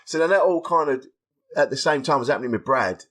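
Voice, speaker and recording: A middle-aged man, a stand-up comedian chatting candidly as a guest, telling stories in a lively, frank, self-deprecating way. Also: medium pitch, fast. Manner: animated, acts out dialogue, frank and self-deprecating. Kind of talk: candid conversational storytelling.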